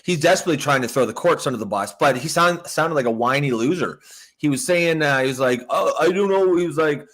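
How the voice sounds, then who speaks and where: Male co-host, casual political commentary, blunt and profane, stammers, medium pitch. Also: fast talker, fairly bright tone. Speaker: political talk show co-host.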